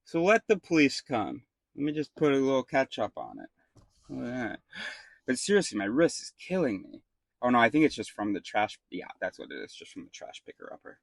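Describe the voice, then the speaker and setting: A man's voice: medium pitch, huge pitch swings, fairly quick, vocal fry, dry recording. A man casually telling a rambling story to the camera, swearing freely and restarting his sentences. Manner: rambling, profane, full of fillers and restarts. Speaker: vlogger.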